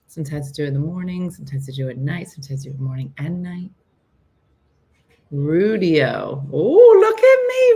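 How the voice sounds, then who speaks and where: A middle-aged woman with a somewhat low voice hosts a relaxed morning live stream. She chats in a loose, rambling way and answers her viewers' comments as she goes. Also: slightly rough. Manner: chatty and rambling, reads viewer comments aloud. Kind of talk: casual chat with viewers.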